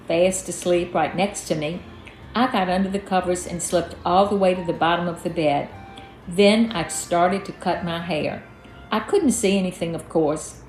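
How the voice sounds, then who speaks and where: A woman's voice: lowish voice, a little mellow. Woman, memoir reading, folksy, roomy echo, faint music. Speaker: storyteller, author. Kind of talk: reading a personal memoir aloud. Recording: echoey room, faint music.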